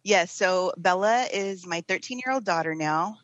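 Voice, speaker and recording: A woman's voice: fairly low pitch, normal speed, dry recording, muffled recording. A woman in her thirties, a podcast guest, talking openly and candidly in casual conversation. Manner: open, candid, lots of fillers and restarts. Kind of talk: casual interview chat.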